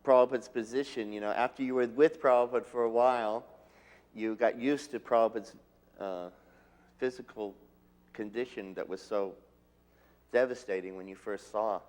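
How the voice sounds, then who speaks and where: A man reminiscing about his teacher in an interview, telling stories gently and acting out what was said. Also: on the low side, fairly even intonation, normal speed. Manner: gentle storytelling, acting out quotes. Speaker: disciple recalling his teacher.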